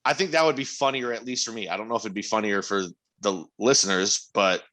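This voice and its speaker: Bright-voiced joking podcast guy. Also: fairly low pitch, a little fast. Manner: animated, swears a lot, joking. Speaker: podcast co-host. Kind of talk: casual banter.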